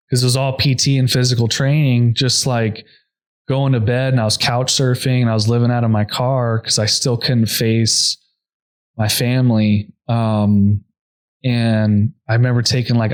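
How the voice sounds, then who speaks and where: A young adult man, a podcast guest, earnestly telling a personal story at a quick clip, full of "like" fillers. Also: mid-range voice. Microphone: podcast microphone.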